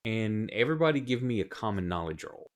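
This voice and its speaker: A man with a fairly low voice runs a tabletop game as game master. He narrates in a relaxed, halting way, often stopping on fillers.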